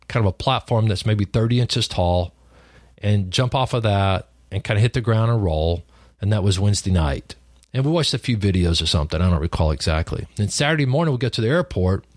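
A man telling a personal story in a relaxed, conversational way, often restarting his sentences. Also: lowish voice, no echo, clean studio sound. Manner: conversational, lively retelling with frequent restarts. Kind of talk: personal story told casually.

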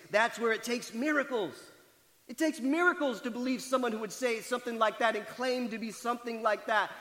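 A man with a high-pitched voice preaches a sermon, telling a story with dramatic swings between forceful emphasis and near-whispered quiet. His voice rings out in a large hall with a long reverb trailing each phrase. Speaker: pastor.

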